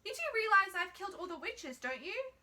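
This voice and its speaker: A plucky young girl from a fairy tale, played by a woman reading aloud. Her voice sits very high and bright, childlike and quick to plead or boss back. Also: big pitch swings, exaggerated voice. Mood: cheeky. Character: clever young girl, tearful then bold.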